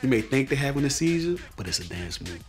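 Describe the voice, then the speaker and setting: A young man telling his story in a relaxed, slangy, animated way. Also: mid-range voice, quick pace, music in the background. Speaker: viral comedian. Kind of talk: casual storytelling interview.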